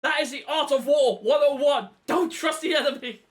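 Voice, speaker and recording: A man's voice: very high-pitched, normal speed. A young man co-hosting a casual podcast, blunt and a bit sweary as he makes his points. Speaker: podcast co-host. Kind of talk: casual chat.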